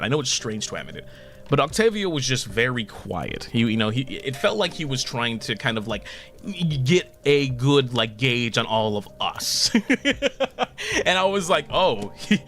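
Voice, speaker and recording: A male streamer talks in a loose, casual way, and his voice swings widely up and down in pitch. He laughs often and swears without a second thought. Faint music sits behind him. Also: gravelly, fairly bright tone. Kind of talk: casual anniversary stream talk.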